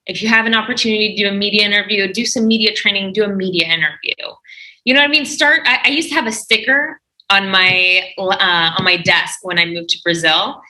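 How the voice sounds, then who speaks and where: A woman with a very bright, forceful voice, speaking as a podcast guest. She gives earnest, encouraging advice in a conversational way. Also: medium pitch, poor audio. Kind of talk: podcast interview.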